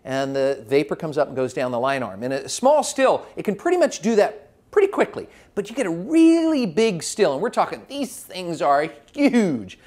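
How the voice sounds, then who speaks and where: A man giving a lively classroom lecture as a spirits educator, telling history like a story with small restarts. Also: fairly high pitch, moderate pace.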